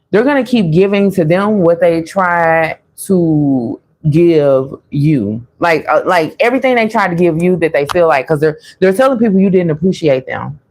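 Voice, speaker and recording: A woman's voice: lowish voice, a little mellow. A woman giving a casual, chatty tarot reading to her viewers, laughing often and calling them y'all. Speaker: tarot reader.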